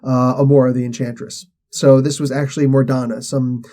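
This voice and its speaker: A man's voice: mid-range voice, flat delivery, brisk, mellow. A man hosting a show, casually retelling a comic story in a slangy, rambling way, acting out the characters' lines. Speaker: host.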